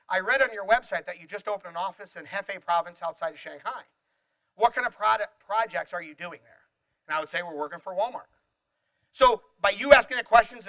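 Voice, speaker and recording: A middle-aged man giving an energetic motivational seminar talk, addressing the audience directly and acting out little dialogues. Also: high voice, poor audio. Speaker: seminar speaker.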